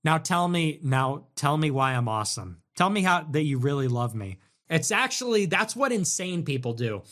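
A man hosting a livestream and riffing on viewer donations. He is sarcastic and mocking, jumping from loud mimicking voices to low, dismissive mutters. His voice sits a bit higher than most men's. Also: very animated, normal speed. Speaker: livestream host reading donations. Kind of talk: casual livestream commentary.

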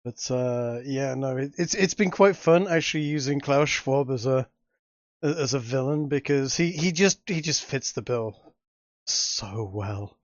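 Animated man chatting with a dry sound. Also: mid-range voice, a little slow, no echo. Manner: animated, laughs often. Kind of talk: casual chat. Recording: dry, dull lo-fi audio.

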